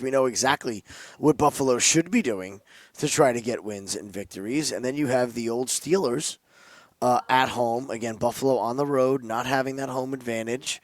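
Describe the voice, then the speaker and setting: A man on a sports betting show who argues his picks with firm emphasis and breaks into playful little games with his co-hosts. His voice sits at an ordinary middle pitch, recorded close and dry with no room sound around it. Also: no echo. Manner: emphatic, opinionated, playful asides. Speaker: sports betting podcast co-host. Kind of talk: casual sports betting chat.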